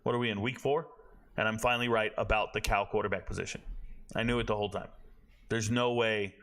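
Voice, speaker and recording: A man hosting a college football show, talking casually and bluntly, rambling and correcting himself, with a tired, low-energy delivery. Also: steady tone, fast, fairly bright tone. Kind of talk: casual sports commentary.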